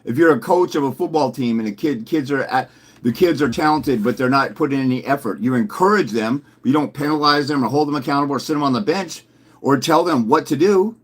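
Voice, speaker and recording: A man's voice: mid-range voice, a little fast. A man giving a combative, mocking commentary, repeating his put-downs as he builds his case. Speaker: fathers' rights consultant. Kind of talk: ranting commentary video.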